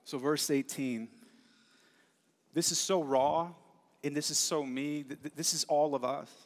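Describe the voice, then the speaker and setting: A man's voice: on the high side, steady tone, a little slow. A man preaching a sermon, earnest and conversational, with casual asides, in a church sanctuary. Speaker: pastor. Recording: long hall reverb.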